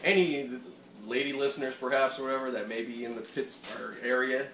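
A man's voice: medium pitch, fairly even intonation, brisk, fairly bright tone, echoey room, distant mic, a little hiss or hum. A man co-hosting a casual podcast with his wife, easygoing and laid-back, chiming in to correct details. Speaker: podcast co-host. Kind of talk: casual chat.

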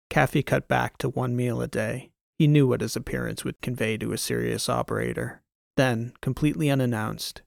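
Gravelly male audiobook narrator. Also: medium pitch, no room sound, clean studio sound. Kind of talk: scripted first-person narration.

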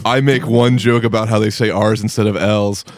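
A man's voice: lowish voice, fairly even intonation, normal speed, no echo. A man co-hosting a casual podcast in a basement studio, cracking rowdy, crude jokes. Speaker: podcast co-host. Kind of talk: casual chat.

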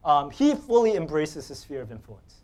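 Lively animated preacher man. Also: fairly high pitch, moderate pace. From Staten Island, New York. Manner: animated, joking, laughs often, conversational fillers. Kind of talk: sermon with personal stories.

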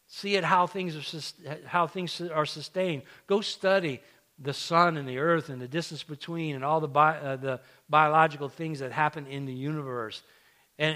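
A man's voice: on the high side, fairly bright tone. A man preaching a sermon as pastor, emphatic, repeating key phrases and restarting often. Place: church sanctuary.

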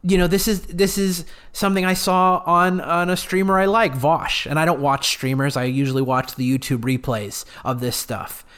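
Solo podcast host, male, fairly high voice, earnest and opinionated, rambles through fillers. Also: flat delivery, normal speed, few pauses, fairly bright tone, clear, resonant tone.

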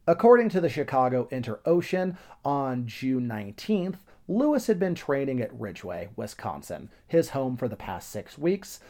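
A man hosts a history podcast, retelling events from old newspaper accounts. His voice sits at an ordinary middle pitch with a warm, mellow color. He drops in wry, sarcastic comments as he goes. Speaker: podcast host.

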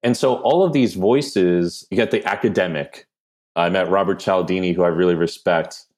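Deep-voiced man with a Jersey accent. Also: moderate pace. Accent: New Jersey. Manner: animated, self-deprecating, quirky humor. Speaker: podcast guest, brand strategist. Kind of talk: conversational interview answers.

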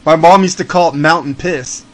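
A man hosting a casual music chat, swearing freely and gushing with excitement. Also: a little high, moderate pace. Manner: swears a lot, excitable fan talk.

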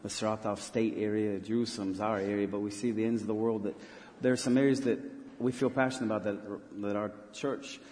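A man with a lowish, mellow voice tells a story with earnest conviction, stopping and restarting as he goes. He is a missionary pastor being interviewed in church. His voice carries a long reverb from a large hall. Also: fairly even intonation, slight background noise. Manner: earnest, halting, many restarts.

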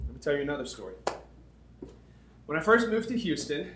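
A man preaching to a camp crowd, telling a comic story with dramatic pauses, laughs and sudden shouts. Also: fairly high pitch, big pitch swings, soft background music. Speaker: camp speaker. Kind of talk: storytelling sermon. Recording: echoey room, faint background noise.

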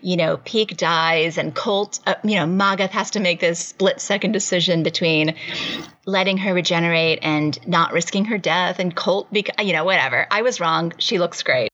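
A woman co-hosting a casual podcast discussion, talking in a thoughtful, measured way with many fillers. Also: fairly low pitch, a bit bright, highs cut off. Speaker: podcast co-host.

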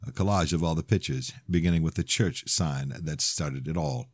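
A man reading a first-person audiobook with an expressive, plainspoken delivery on a close mic. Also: rumbling low, normal speed, slightly rough, no room sound. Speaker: audiobook narrator.

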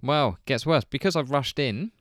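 A man co-hosting a podcast in casual chat, chatty and quick to laugh. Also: medium pitch, lively intonation, fairly bright tone, dry recording, studio quality. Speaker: podcast co-host.

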